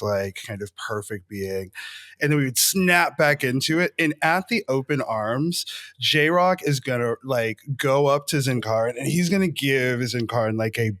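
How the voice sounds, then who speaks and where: A man narrating his own character in a tabletop game, animated and swearing casually. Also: mid-range voice, no echo, studio quality. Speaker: player. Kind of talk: casual role-play narration.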